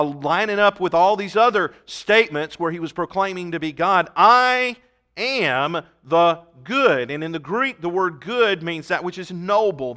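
Male pastor preaching a sermon: high, bright voice, emphatic delivery, reads scripture aloud between his own points. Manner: occasional restarts and fillers.

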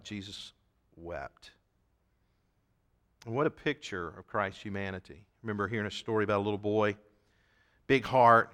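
A man preaching a sermon, reading King James scripture aloud and posing rhetorical questions, moving from hushed, tender passages to loud, emphatic ones. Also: on the low side. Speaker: pastor.

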